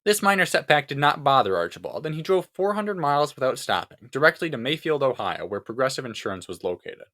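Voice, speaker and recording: A man's voice: mid-range voice, sing-song, quick pace, few pauses, fairly bright tone. A man narrating a comic crime story aloud with a straight face. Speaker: audiobook narrator.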